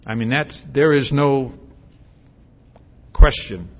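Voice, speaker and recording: A man's voice: mid-range voice, slow pace, dull audio. A man preaching a sermon in a conversational way, with many fillers and restarts, and asking the congregation questions.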